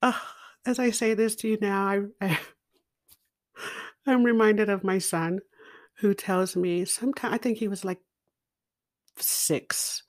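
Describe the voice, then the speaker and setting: Slow, deliberate storytelling woman. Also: medium pitch. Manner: slow, deliberate and expressive, with laughs. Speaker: podcast guest speaker. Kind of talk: personal storytelling.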